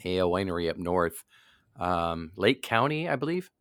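A man's voice: sits low, big pitch swings, normal speed, fairly bright tone, dry recording, studio quality. A man in his fifties, a podcast guest in casual chat, joking and brash with many fillers.

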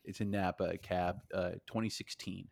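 A man's voice: low voice, little pitch movement, moderate pace, creaky, no echo, clean studio sound. A man, a podcast guest in casual chat, emphatic but hesitant and often correcting himself.

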